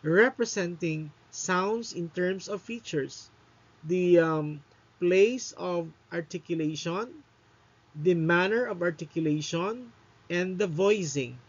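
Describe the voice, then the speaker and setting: Male teacher with a slow, unhurried delivery, checks in with "no?" after his points; muffled lo-fi audio. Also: high-pitched, slightly rough. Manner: often ends points with a questioning "no?"; explains step by step with fillers and pauses. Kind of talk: recorded lecture. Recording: dull lo-fi recording.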